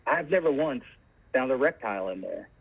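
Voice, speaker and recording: Deadpan male caller over a tinny phone line. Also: mid-range voice, normal speed, creaky, husky. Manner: calm, deadpan, matter-of-fact about absurd claims. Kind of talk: deadpan comedic call-in bit.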